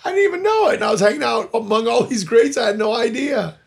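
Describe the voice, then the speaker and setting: A man's voice: very high-pitched, quick pace. An older man, a voice actor and director, telling stories in a casual interview with a worn voice, acting out the people in his anecdotes. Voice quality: worn, gravelly voice. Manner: animated storyteller who acts out voices in anecdotes.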